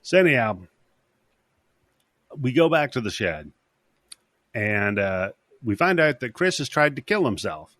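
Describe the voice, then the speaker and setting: A man's voice: medium pitch, animated, a little slow, pauses often, fairly bright tone, no echo, studio quality. A man co-hosting a podcast, casually recapping a movie, rambling and swearing as he acts out the characters' lines. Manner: rambling, swearing, acting out quotes. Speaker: podcast co-host.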